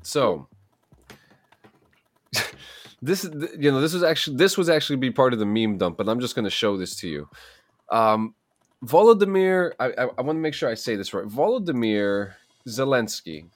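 A man's voice: mid-range voice, lively intonation, normal speed, long pauses, no echo. A man co-hosting a podcast, eagerly recounting clips and stories in casual chat. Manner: eager storyteller, relaying clips. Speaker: podcast co-host.

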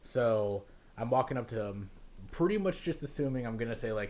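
A young man telling a story in casual chat, laughing often and mimicking officials in a lower, quieter voice. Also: fairly quick, slight background noise.

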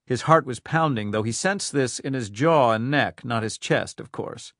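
Steady male audiobook narrator. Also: medium pitch, normal speed, no room sound, clean studio sound. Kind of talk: scripted thriller narration.

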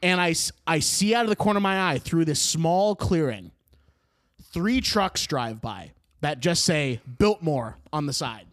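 A man in his twenties tells a funny personal story on a podcast in a casual, animated way, laughing through his words and swearing freely. His voice is a little high and his pace measured.

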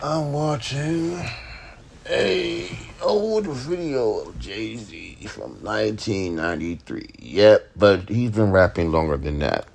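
A young man with a fairly low voice talks in a loose, late-night podcast monologue. He rants and rambles with plenty of swearing and false starts. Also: big pitch swings, slow, gravelly, hardly any pauses, darkish tone, breathy edge. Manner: profane, ranting, rambling with restarts. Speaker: podcast host, rapper.

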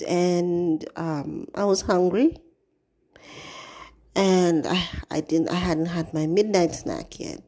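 Slow, low-voiced woman telling a story. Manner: expressive, swears freely, dramatic asides. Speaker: podcast host. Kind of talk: casual storytelling monologue.

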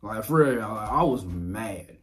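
A young man from Louisiana hosting a podcast, sharing a casual personal testimony, animated and laughing often as he talks straight to his listeners. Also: lowish voice, unhurried. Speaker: podcast host. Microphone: dynamic mic on boom arm.

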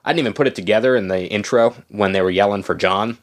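Very low-voiced guy, laughing game chat. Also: quick pace. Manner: laughs often, swears casually. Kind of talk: casual chat.

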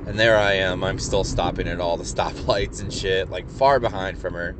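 A man's voice: sits low, normal speed, noisy background. A young man telling a rambling, profane story in a casual, wry way from inside a car. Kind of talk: casual anecdote.

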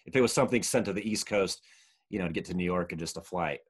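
Chatty man telling a story, low voice. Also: quick pace, husky. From Utah. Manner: rambling, laughs often, many fillers. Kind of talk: casual storytelling chat.

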